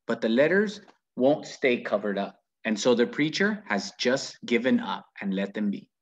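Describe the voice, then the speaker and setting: A man reading a children's book aloud with very lively, animated storytelling. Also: mid-range voice. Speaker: reader.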